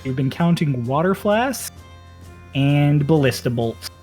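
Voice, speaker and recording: A man's voice: on the high side, animated, slow, darkish tone, soft background music. A man narrating as dungeon master in a tabletop game, joking and laughing often.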